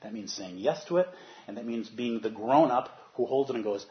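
A man giving a dharma talk as a meditation teacher, animated, moving from soft, quiet stretches to loud bursts as he acts out inner voices. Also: medium pitch, a little fast, dull audio.

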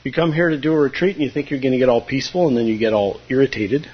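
A man's voice: mid-range voice, racing. A man giving a conversational, humorous Zen dharma talk, now and then acting out his students' voices. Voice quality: husky. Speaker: Zen teacher. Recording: dull lo-fi recording.

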